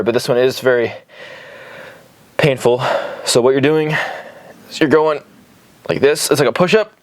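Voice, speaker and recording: Young male fitness vlogger, breathless, rambling and casual, home bedroom setup. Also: medium pitch. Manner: loose and rambling, swears casually. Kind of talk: casual workout instruction. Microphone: camera on a tripod.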